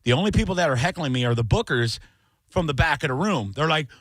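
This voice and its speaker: A middle-aged man and comedian telling a long story on a radio talk show, acting out voices with loud, high bursts. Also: animated, quick pace, no echo. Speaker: comedian guest.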